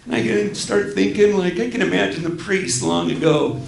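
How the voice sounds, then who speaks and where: A man's voice: high-pitched, moderate pace, vocal fry, slight background noise. A middle-aged man performing a stand-up set on a small theater stage, self-deprecating and rambling, often breaking off to apologize. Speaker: stand-up comedian. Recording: roomy live theater sound.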